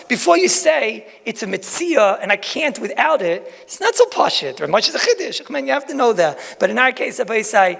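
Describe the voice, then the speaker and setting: A man with gives a Talmud lecture in an echoing hall. His voice sits high and gravelly, and he talks in an animated, folksy way full of rhetorical questions and asides. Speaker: rabbi giving a Talmud lecture. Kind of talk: lecture to a crowd.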